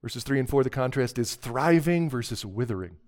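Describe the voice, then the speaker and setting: A man's voice: medium pitch, lively intonation, a little fast, darkish tone. A middle-aged man preaching a sermon as pastor, talking in a conversational, earnest way and breaking into emphatic bursts.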